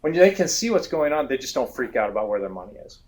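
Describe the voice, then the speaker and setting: A man talking shop as a guest in an interview, full of lively anecdotes. He jumps into quick impressions of worried customers and contractors while he makes his point. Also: medium pitch. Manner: animated storytelling, acts out customer voices. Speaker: guest, roofing software expert. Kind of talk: conversational business interview.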